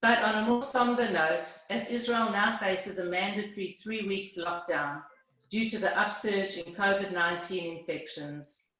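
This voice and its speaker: A woman's voice: medium pitch, a bit bright. A woman hosting an event, reading a formal scripted introduction of the guest speaker. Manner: formal, read-aloud delivery. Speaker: event host. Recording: heavy room echo.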